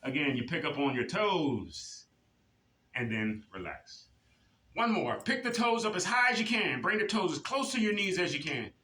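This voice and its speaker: A bright, forceful male fitness instructor with a somewhat high voice, coaching a group of seniors through their exercises. He motivates them and barks out the counts like a drill sergeant. The sound bounces around an echoey activity room. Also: sing-song, normal speed. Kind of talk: leading a seniors' exercise class.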